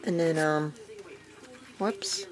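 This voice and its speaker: A woman casually walking viewers through a craft project, relaxed and rambling, with frequent fillers and self-corrections. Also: low voice, extremely slow, low-quality recording. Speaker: crafting vlogger. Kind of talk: casual show-and-tell walkthrough.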